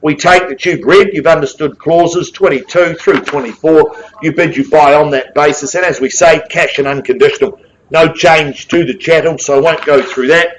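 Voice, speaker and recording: Jovial New auctioneer, brisk patter. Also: male voice, on the high side, fairly even intonation, a little hiss or hum, rough recording. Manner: brisk, jovial patter with quick asides to bidders. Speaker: real estate auctioneer. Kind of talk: live property auction calling. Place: auction room with bidders present.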